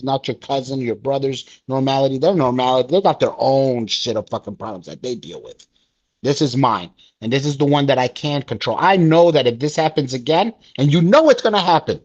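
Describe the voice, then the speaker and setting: A man speaking as a guest in a candid podcast talk, blunt and profane, telling stories with lively energy. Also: mid-range voice, dull audio. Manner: blunt and profane, animated storytelling. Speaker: interview guest, peer mentor.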